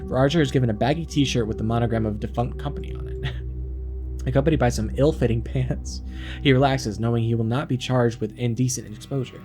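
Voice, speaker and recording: A man's voice: mid-range voice, fairly even intonation, a little fast, over music. A man playing a text game on stream, reading the story aloud and adding wry, chuckling commentary.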